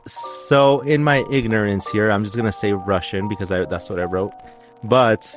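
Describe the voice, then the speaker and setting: A man's voice: lowish voice, normal speed, music in the background. A man hosting a podcast, telling a mystery story in a rambling, chatty way, often correcting himself mid-sentence. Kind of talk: casual storytelling chat.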